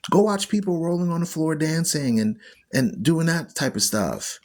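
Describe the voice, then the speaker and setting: A man's voice: on the high side, animated, normal speed, a little mellow. A man hosting an online Bible radio show, teaching scripture in an emphatic, preachy way and repeating phrases for stress. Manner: preachy, argues with viewers.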